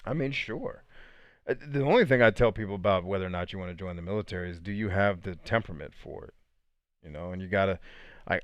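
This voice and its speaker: Guy in his 30s, lowish voice, chatty live podcast host, laughs a lot, super dry close mic. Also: clear, resonant tone, no room sound. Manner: animated storytelling, laughs often, drops to quiet asides. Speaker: podcast host answering viewer questions. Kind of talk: casual live chat.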